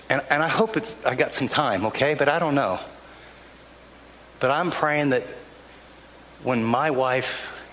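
A man's voice: mid-range voice, sharp tone, a little hiss or hum. An older man, a pastor, preaching a sermon in a church in an earnest, conversational way, often restarting his sentences. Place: church sanctuary. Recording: long hall reverb, faint ambience.

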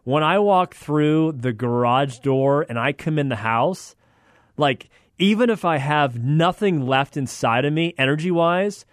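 A man's voice: on the high side, animated, measured pace, no echo, studio quality. Earnest man hosting a faith talk show. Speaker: radio show host. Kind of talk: faith-based radio talk.

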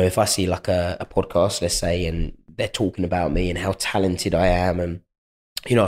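London fighter telling chatty stories. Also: male voice, a little mellow. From England. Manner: chatty storyteller, acts out quotes in a higher voice. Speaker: UFC fighter guest. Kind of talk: casual podcast interview.

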